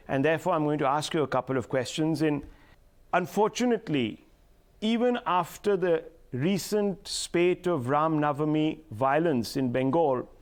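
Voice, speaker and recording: A man hosting a televised news debate, assertive and cutting in to steer his guests. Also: a little high. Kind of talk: TV panel debate moderation.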